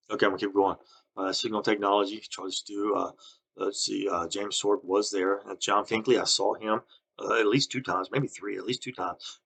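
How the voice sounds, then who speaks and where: A man recording a rambling, halting monologue full of accusations and restarts. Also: on the low side, creaky, sharp tone, husky. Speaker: vlogger.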